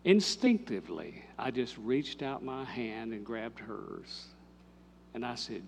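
An older man, a pastor telling a story in a sermon, moving from lively telling to hushed, intimate speech. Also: medium pitch, takes it slowly, creaky, a little hiss or hum.

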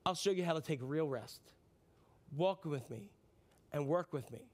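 This is a man's animated sermon, delivered by a pastor whose voice sits a little high and moves at a normal speed. Loud passages give way to near-whispers as he questions the congregation and responds to himself.

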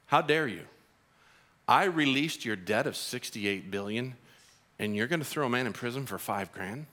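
A man's voice: high-pitched, lively intonation, fast, sharp tone, pitched above the performer's own voice, full character voice. A man voicing a stern king who rules and commands his servants, in a storytold sermon. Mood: furious. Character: demanding king, a grown man, stern ruler.

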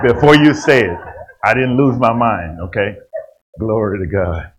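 A man preaching a sermon, rising to loud emphatic passages and dropping to quiet asides. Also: fairly low pitch, brisk, poor audio.

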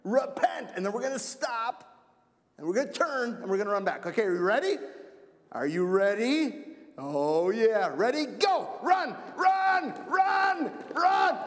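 A man from Wisconsin giving an energetic children's message in church, playful and repeating himself to keep the kids with him. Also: high voice, moderate pace, a little hiss or hum. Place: church sanctuary. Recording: long church reverb.

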